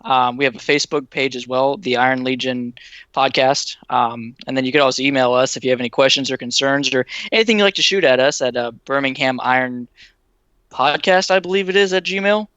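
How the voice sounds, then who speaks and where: A man from Massachusetts chatting as a podcast guest, modest and quick, with lots of fillers. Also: mid-range voice, bright, forceful tone, no echo, highs cut off. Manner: fast, modest, many fillers. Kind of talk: casual chat.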